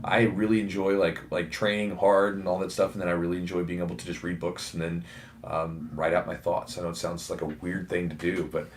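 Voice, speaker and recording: A man with a faint Southern US accent, hosting a casual podcast chat, talking fast with many fillers and restarts. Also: deep voice, flat delivery, a little hiss or hum. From American South. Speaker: podcast host and jiu-jitsu instructor.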